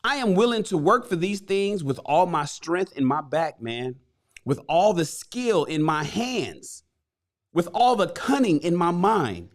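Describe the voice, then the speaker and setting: A man's voice: high-pitched, very animated, unhurried. A man voicing a frustrated working-class chariot builder, retelling a parable in profane street slang. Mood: resentful.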